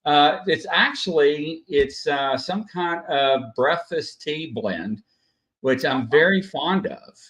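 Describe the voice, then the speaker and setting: A man's voice: a little high, animated, slow, a bit bright. A man hosting a casual live stream, chatty and full of "uh" fillers, greeting viewers by name. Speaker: host.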